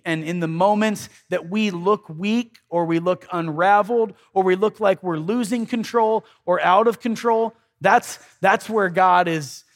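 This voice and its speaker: A man's voice: a little high, vocal fry. A man preaching a sermon in a conversational way, with dry irony and acted-out prayers. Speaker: pastor.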